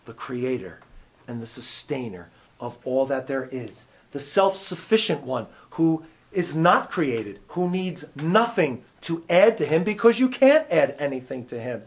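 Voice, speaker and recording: A man teaching a Bible class in church, conversational and animated, often asking his listeners questions. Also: mid-range voice, unhurried. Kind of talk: teaching sermon.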